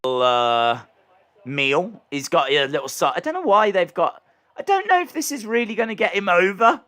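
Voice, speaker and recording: A man hosting a live reaction stream, excitably commenting and answering chat questions, his microphone clipping when he gets loud. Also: high-pitched, normal speed. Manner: excitable, hums entrance themes, answers chat. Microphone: desk microphone that clips when loud.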